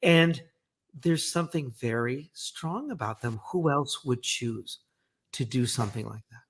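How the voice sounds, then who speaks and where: A man's voice: medium pitch, animated, a little slow, slightly rough. Thoughtful, hesitant man on a podcast. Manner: thoughtful, hesitant, interjects short agreements. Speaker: professor and co-host. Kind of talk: casual podcast discussion.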